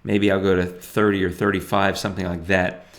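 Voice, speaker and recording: Relaxed man talking through photo edits. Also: low voice, fairly quick. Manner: relaxed, thinking aloud with many fillers and restarts. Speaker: photography tutor. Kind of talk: screen-recorded editing tutorial.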